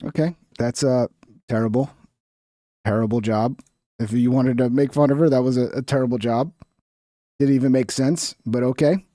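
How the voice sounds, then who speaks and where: A man's voice: medium pitch, fairly even intonation, normal speed, pauses often, dark tone, no echo, clean studio sound. A man hosting a casual reaction stream, talking in a crude, rambling, profane way.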